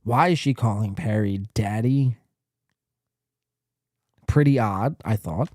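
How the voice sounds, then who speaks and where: A man's voice: lowish voice, takes it slowly, a little mellow, no echo, clean studio sound. A man hosting a podcast, commenting casually on clips in a crude, rambling way with plenty of swearing. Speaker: podcast host.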